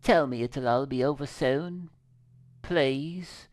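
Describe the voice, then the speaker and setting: A man's voice: mid-range voice, slow pace, lightly acted. A man reading game dialogue aloud as a timid young woman, hesitant and apologetic, asking to be let in. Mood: anxious. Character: timid young woman drifter, pleading for shelter.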